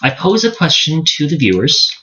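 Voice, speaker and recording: A man's voice: a little high, sing-song, normal speed, pushed and bright. A man hosting a casual gaming chat, rambling with fillers and restarts and laughing often. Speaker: let's play host. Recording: lo-fi mic with keyboard clicks and hiss.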